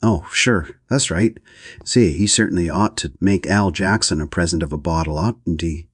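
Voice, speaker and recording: A brash American writer who drawls out his jokes, as a man reads him in an audiobook. The voice is very deep and a little husky. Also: normal speed, no echo, clean studio sound. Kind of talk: audiobook reading.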